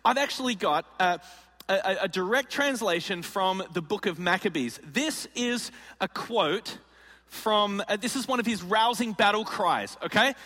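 A male pastor preaches a sermon with a high, bright voice and acts out little scenes with humor. His speech rings through a large church hall with a long reverb. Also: normal speed. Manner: animated and jokey, acts out scenes.

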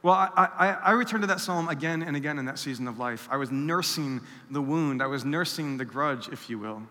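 Delivering a sermon, a pastor with a fairly high, sharp voice talks fairly quickly as he tells a personal story, acting out the voices of the people he quotes. Long hall reverb colors the recording.

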